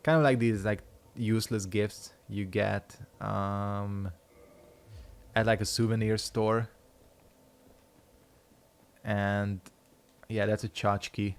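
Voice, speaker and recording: Chatty low-voiced man gaming. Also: level tone, slow pace, long pauses, clean tone. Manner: rambling, chatty, swears freely. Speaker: streamer playing a game. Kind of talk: casual gameplay commentary.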